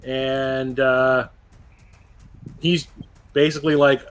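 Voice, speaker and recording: A man narrating a tabletop game as game master, casual and quick to laugh, swearing freely as he describes the action. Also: mid-range voice, flat delivery, smooth.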